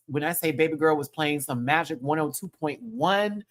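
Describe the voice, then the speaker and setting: A man hosting his own channel, chatting casually through a recap of a live show, slangy and gushing, with sudden high excited exclamations. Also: moderate pace. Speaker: channel host.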